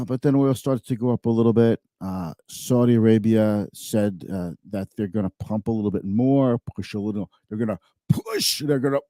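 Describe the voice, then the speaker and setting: A man's voice: lowish voice, normal speed, few pauses, mellow, dry recording, studio quality. A man hosting a finance show, giving casual market commentary in a chatty, thinking-aloud way and often correcting himself mid-sentence.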